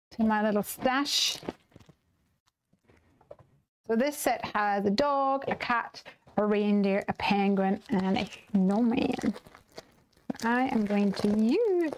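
A woman with a soft Northern Irish accent chatting casually while she makes cards on a live stream and answers viewer comments. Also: mid-range voice, a little slow, vocal fry, a little hiss or hum. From Northern Ireland. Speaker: live stream craft host. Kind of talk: casual chat while demonstrating card making.

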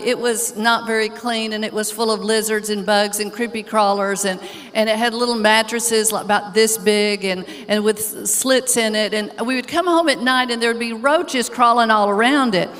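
A woman co-hosting a sermon, telling a personal story in an earnest, animated conversational way. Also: mid-range voice, moderate pace. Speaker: co-host preacher. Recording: long hall reverb from a large church.

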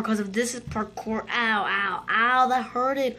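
A woman hosting a gaming channel, giving excitable let's-play commentary and chattering to her viewers. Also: a little high, a little slow.

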